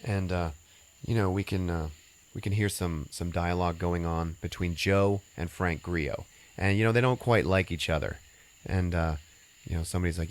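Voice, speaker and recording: A man's voice: low-pitched, steady tone, brisk. A man hosting a podcast, retelling a film's plot in a loose, rambling way, full of fillers and swearing. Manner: rambling, filler-heavy and profane. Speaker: podcast host recapping a film. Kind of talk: casual movie recap chat.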